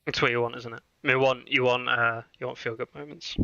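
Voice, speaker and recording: A man's voice: medium pitch, little pitch movement, brisk, creaky, pushed and bright, no room sound, highs cut off. A man hosting a podcast, chatting casually with lots of fillers and restarts. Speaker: podcast host. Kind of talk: casual chat.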